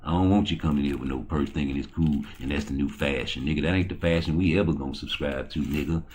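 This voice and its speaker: A man hosting his own channel, talking in a profane, boisterous, rambling way that swings between low mutters and loud excited bursts. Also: fast talker, husky. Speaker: channel host. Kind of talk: rambling livestream talk.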